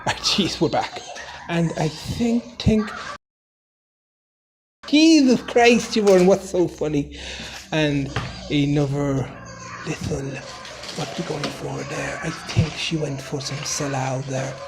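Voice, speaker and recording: A man putting on a teasing narrator with a put-on Irish lilt, muttering wry asides over a quiet craft video. The recording carries a clear hiss of background noise. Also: fairly high pitch, slow pace. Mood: amused. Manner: wry running commentary, chuckling, mutters "Jesus" a lot. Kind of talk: mock silent-movie voiceover.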